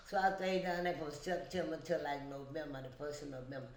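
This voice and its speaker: A woman guest in a casual chat, telling a story earnestly and slowly, often adding "you know". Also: sits low, fairly even intonation, a little hiss or hum. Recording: echoey room.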